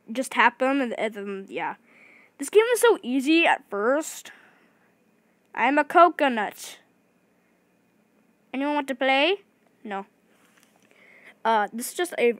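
Excitable fast-talking female gamer. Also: on the high side, no echo. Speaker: gaming video creator. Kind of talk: excited gameplay commentary.

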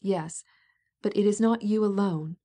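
A woman narrator reads the part of a scheming older prince who is impatient and insistent, pressing his point with smooth coaxing. Her voice stays mellow and warm, medium in pitch and unhurried.

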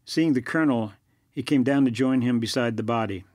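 A man reading a thriller novel aloud in a measured, plain scripted narration. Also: mid-range voice, darkish tone, dry recording, studio quality. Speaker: audiobook narrator.

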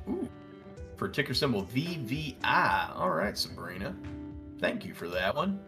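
A man with a Southern American accent hosting a casual live stock-trading stream, reading out ticker prices and answering viewers' chat with bursts of excitement. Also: mid-range voice, normal speed, faint music behind. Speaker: stock trading livestream host. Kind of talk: casual live market commentary.

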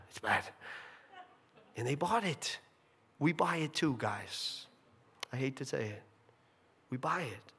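A male pastor preaching a sermon in an animated, conversational way with jokey asides. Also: on the high side, unhurried, pauses often, husky.

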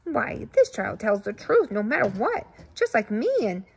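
Woman voicing a chatty honest lady goose, talks a lot, prim, highish husky voice, storybook. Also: big pitch swings, normal speed, full character voice. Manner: talkative, prim.

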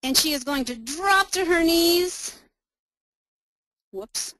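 A woman presenting a webinar, walking listeners step by step through a software demo in an upbeat, explaining manner. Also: very high voice, expressive, slow pace, no room sound, low-quality recording.

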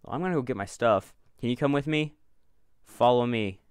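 A man giving let's-play commentary on a video game, swinging from panicked yelling to calm, unhurried remarks. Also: mid-range voice, clean tone, no room sound, clean studio sound. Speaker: gaming video creator.

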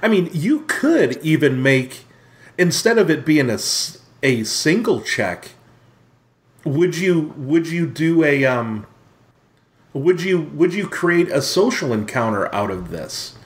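A man's voice: a little high, very animated, slow. A man co-hosting a podcast, asking questions playfully in casual chat. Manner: inquisitive, playful, backchannels a lot. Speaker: podcast co-host. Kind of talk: casual chat about tabletop games.

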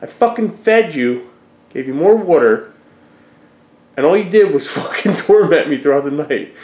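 A man's voice: on the high side, lively intonation, normal speed, darkish tone. A young man filming a casual home vlog, a father who rants and swears at his cats in between baby talk. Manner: swearing, exasperated rants at pets. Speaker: vlogger, dad. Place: home, indoors.

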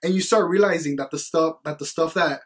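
Young male youth-podcast co-host, slightly high and husky, earnest and rambling, casual faith talk. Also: fairly quick. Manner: earnest, rambling, heavy on "like" and "you know what".

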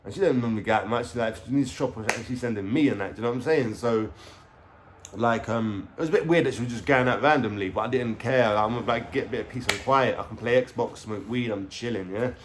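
A young man with a London accent rambles through a story at home, full of street slang and swearing. He keeps stopping for fillers like "yeah?" and "you know?". His voice sits at an ordinary middle pitch. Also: quick pace, slight background noise. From England. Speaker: vlogger. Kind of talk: casual storytelling to camera. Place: indoors at home.

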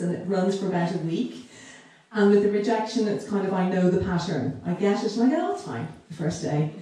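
A woman giving a warm, emotional launch speech to a crowd, laughing often and poking fun at herself. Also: medium pitch. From Ireland. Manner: laughing, self-deprecating, fond of asides. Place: large hall in a castle. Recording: very echoey hall, voice far from the mic, crowd in the background.

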